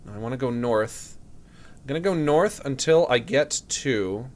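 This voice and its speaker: Animated male streamer, lively voice. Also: measured pace. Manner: animated, jokey, bursts into high shouts of disbelief. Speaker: streamer playing a horror game. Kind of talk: casual live-stream commentary.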